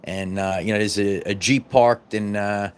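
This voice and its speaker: A man's voice: fairly low pitch, steady tone, moderate pace, smooth. A man vlogging about wellness, telling a story in a casual monologue with many restarts and repeated words.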